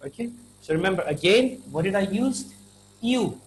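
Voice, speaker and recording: A man's voice: high voice, lively intonation, moderate pace, slight background noise, rough recording. A man with an Indian English accent teaching slang in a chatty, informal lesson, full of fillers and acted-out little dialogues.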